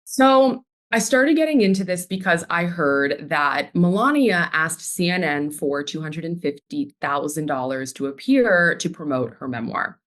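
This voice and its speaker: A woman's voice: low-pitched, lively intonation, unhurried, few pauses. A woman guest on a podcast, talking in a gossipy, emphatic way with casual swearing. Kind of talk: casual chat.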